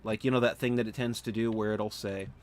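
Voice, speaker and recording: A man's voice: lowish voice, steady tone, brisk, a little mellow, a little hiss or hum. Sleepy man rambling through gameplay. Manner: rambling, thinking aloud with many fillers and restarts. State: sleepy, yawning repeatedly. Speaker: gaming livestreamer. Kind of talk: casual live gameplay commentary.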